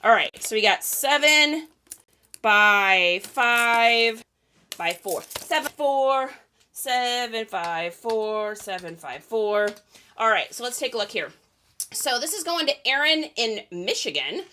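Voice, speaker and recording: A woman's voice: on the high side, animated, unhurried, bright, forceful tone, slight background noise. A woman chatting casually on a live stream while packing orders, talkative and often laughing between rambling asides. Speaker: reseller hosting a live stream.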